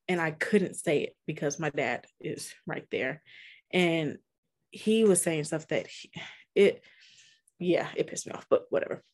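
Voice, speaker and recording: A woman's voice: sits low, expressive, normal speed, darkish tone. A young woman co-hosting a podcast, casually telling a personal story with frequent laughs, fillers and speech. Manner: laughing often, many fillers, candid. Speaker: podcast co-host.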